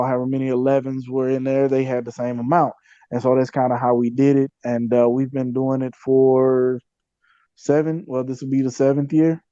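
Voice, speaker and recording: A man's voice: medium pitch, dark tone, no echo, highs cut off. A man, a podcast guest, telling a story in a loose, conversational way with many fillers and repeated phrases. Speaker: podcast guest, community activist. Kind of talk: casual storytelling interview.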